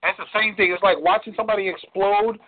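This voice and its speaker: A man's voice: sits high, steady tone, fast talker. Blunt man coaching over a tinny line. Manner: blunt, preachy, repeats words for emphasis. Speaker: relationship coach. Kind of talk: frank advice on a call-in show. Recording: tinny phone-line sound.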